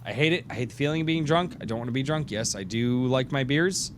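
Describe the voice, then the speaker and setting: A man's voice: medium pitch, fast, background noise. Rambling, tired-voiced male podcast host. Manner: rambling, chatty, drinking beer and joking. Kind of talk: casual live-stream chat.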